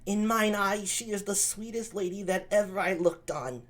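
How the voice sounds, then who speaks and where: A man's voice: moderate pace, a bit bright. A man reading aloud and giving a lovesick young nobleman a boyish voice. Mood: earnest. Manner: high boyish voice.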